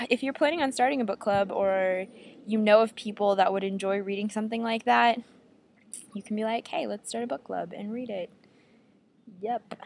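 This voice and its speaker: Young woman, twenties, casual vlog chat, enthusiastic, mid-pitched voice, quick laughs. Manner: chatty and enthusiastic, laughs often. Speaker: book vlogger.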